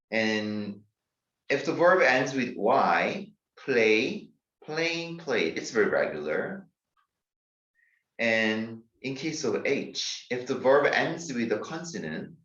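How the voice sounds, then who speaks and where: Slow, echoey Korean-accented male teacher. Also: fairly low pitch, fairly bright tone. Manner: slow, deliberate, spells words out letter by letter. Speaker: English teacher. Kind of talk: grammar lecture. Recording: distant, dull, echoey room recording.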